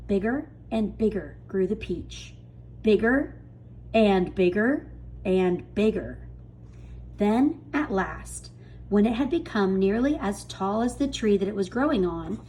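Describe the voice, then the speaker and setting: Brief: woman reader, unhurried, animated pitch, bedtime-story delivery. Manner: lively, expressive storytelling. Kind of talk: reading a children's book aloud.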